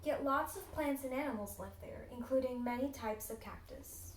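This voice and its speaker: A teenage girl narrating a children's picture book in an expressive, deliberate read-aloud style. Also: sits high, echoey room, a little hiss or hum, poor audio. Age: teens. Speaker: storybook reader.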